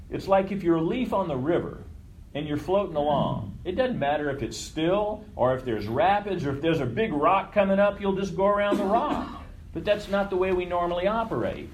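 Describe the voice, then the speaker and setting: A man's voice: on the high side, a little hiss or hum, rough recording. A man leading a group session in a casual teaching talk, conversational, swearing freely and often checking in with his listeners. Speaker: workshop leader.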